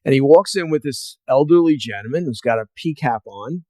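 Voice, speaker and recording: A man's voice: mid-range voice, animated, a little fast, darkish tone, no echo. A man hosting a podcast interview, telling long martial arts anecdotes with many fillers and acting out what others said. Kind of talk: casual storytelling interview.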